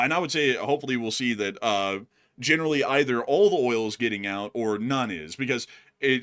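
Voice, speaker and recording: A man's voice: mid-range voice, fairly bright tone. A man from the US South with a light Southern accent, hosting a news channel and answering viewer comments in a rambling, conversational way. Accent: light Southern American. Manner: rambling, conversational, addresses "folks" and "y'all". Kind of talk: casual talk reading viewer comments.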